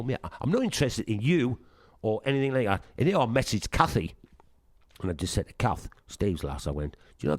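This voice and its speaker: A middle-aged man with a Sunderland accent chats through his band's history in a casual interview. His voice sits a little low and sounds close and dry, with no room around it. He brings his stories to life by acting out what others said and swears freely along the way. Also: no echo. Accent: Northeast English (Sunderland). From Sunderland, England. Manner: lively anecdotes, acts out quoted dialogue, swears freely. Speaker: punk band singer, guest.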